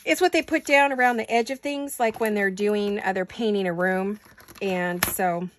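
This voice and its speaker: A woman's voice: mid-range voice, moderate pace, background noise. A middle-aged woman chatting casually and rambling while she does a paper craft, now and then breaking into giggles. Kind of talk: casual craft-along chat.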